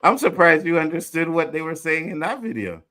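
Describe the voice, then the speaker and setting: A man's voice: a little high, animated, brisk, pushed and bright. A man hosting an online panel show, chatting loosely, laughing and cursing, and greeting viewers. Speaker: show host. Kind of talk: casual panel chat.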